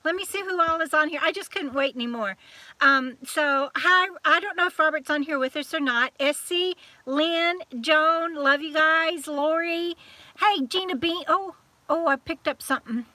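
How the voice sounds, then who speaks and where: A woman's voice: sits high, moderate pace, pushed and bright, no room sound. A woman with a Southern US accent hosting a live-stream chat, talking in a chatty, scattered way as she greets viewers one by one. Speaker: YouTube channel host.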